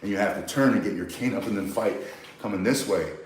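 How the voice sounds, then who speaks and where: A man's voice: fairly low pitch, quick pace, slight background noise. A man teaching self-defense, bluntly and emphatically walking through each move step by step. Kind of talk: instructional demonstration. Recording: very echoey, mic far from speaker.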